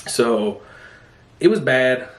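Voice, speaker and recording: Animated male podcast host, echoey room. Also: mid-range voice, drawn-out words. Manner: animated storyteller who acts out family members' lines. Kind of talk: casual chat.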